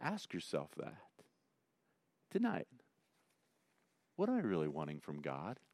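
A man preaching a sermon in a conversational way, swinging between loud emphasis and quiet asides. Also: very deep voice, wildly swooping pitch, unhurried, gravelly, dry recording. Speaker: pastor.

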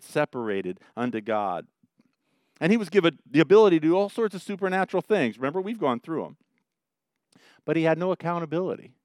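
A man's voice: medium pitch, clear, resonant tone, no echo, studio quality. A man preaching a conversational sermon with joking asides, explaining as he goes. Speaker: pastor.

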